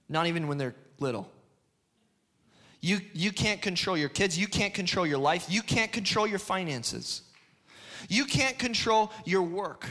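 Pastor, man in his thirties, high bright voice, lively storytelling sermon with bursts of shouting. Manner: animated storytelling, restarts, shouts in excitement. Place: church hall before a congregation.

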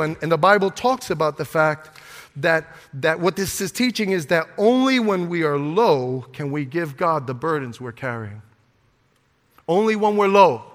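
A man's voice: a little high, fairly bright tone. An older man, a pastor, preaching a fervent sermon after an opening prayer, repeating words and calling on the congregation to answer. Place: church sanctuary. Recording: long reverb of a hall.

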